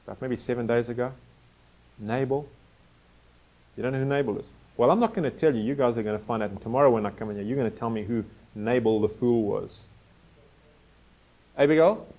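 A man's voice: medium pitch, lo-fi sound. A man from Africa preaching an expository sermon, teasing and quizzing his listeners as he reads and explains scripture. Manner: lively, teasing, quizzes the audience.

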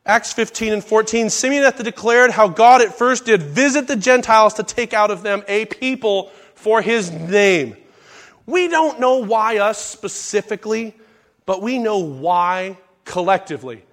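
A man's voice: high voice, measured pace, a bit bright. A man preaching a sermon, reading scripture aloud and stopping to correct himself and explain the words. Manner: reads scripture aloud in King James wording, with asides and self-corrections. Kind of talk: sermon, Bible study.

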